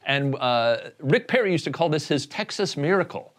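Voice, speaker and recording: A man hosting a comedic interview, jokey and halting, full of restarts and fillers. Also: fairly high pitch, expressive. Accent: Indiana. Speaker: comedian host.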